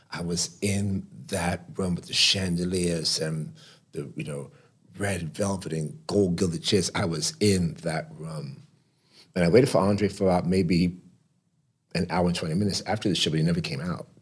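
A man with a very deep, husky voice tells his stories as a podcast guest. He is animated and acts out the people he talks about, with a grainy edge on his low tone. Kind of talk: storytelling in conversation. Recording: podcast studio mic.

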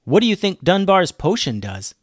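A man's voice: sits high, very animated, moderate pace, dry recording, studio quality, voice pushed up. A man doing an eager young girl. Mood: excited.

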